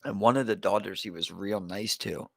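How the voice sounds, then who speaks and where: A man's voice: on the low side, steady tone, moderate pace, creaky, dry recording. A young man with a Baltimore accent, telling a story casually on a podcast, rambling with many fillers and calling his listener "bro.". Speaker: podcast co-host.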